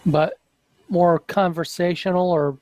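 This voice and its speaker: A man playing a tabletop game, reasoning through his character's options out loud. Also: high voice, steady tone, unhurried, poor audio. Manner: thinking aloud, analytical. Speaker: player.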